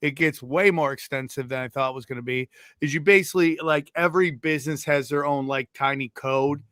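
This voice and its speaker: A man co-hosting a comedy podcast tells a story in casual chat, animatedly putting on voices for the people in it. His voice is on the high side, he speaks fairly quickly, and there's no room sound.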